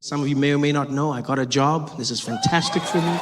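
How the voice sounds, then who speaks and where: A man doing a stand-up comedy set, telling stories in a playful, lively way on a large stage. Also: fairly high pitch, quick pace, loud music behind the voice, over a noisy crowd. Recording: long hall reverb, faint noise.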